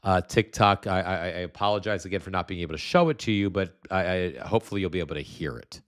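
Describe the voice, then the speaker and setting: A man's voice: deep voice, fast. A man hosting a live stream, talking bluntly and scornfully, with many restarts as he explains things at his computer. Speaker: show host.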